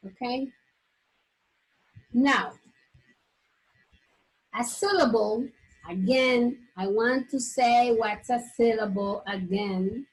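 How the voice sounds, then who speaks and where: Woman teacher modeling words slowly. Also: fairly high pitch, poor audio. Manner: slow, drawn-out modeling of example words; frequent checking "okay?" with the class. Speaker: English teacher. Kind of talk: classroom lesson on pronunciation.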